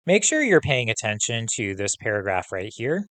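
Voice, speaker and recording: A male teacher reading a novel aloud to students, pausing to pose comprehension questions in a steady, instructive way. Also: lowish voice, dry recording.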